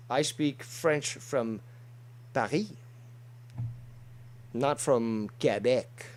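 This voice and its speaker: A male show host with a medium-pitched, somewhat dark voice chats on a casual streamed talk show. He brags and swears a lot, rambling with many fillers.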